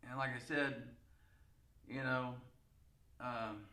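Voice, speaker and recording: A man's voice: mid-range voice, fairly even intonation, drawn-out words, sharp tone, echoey room. A man telling a long story casually to camera, rambling and laughing, with a stuffed, nasal sound. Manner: rambling, lots of "you know" and laughs. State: nasal congestion. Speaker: vlogger.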